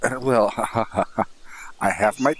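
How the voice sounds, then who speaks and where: A man voicing an awkward, bookish high elf scholar, stammering and repeating his words. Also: very slow, slightly rough. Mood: earnest.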